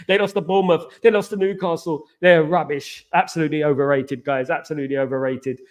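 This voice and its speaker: An English man chats casually on a live stream, reading out viewer comments and answering them. He is animated and repetitive, full of banter and slang shout-outs. His voice sits a touch higher than most men's. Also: quick pace, hardly any pauses. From England.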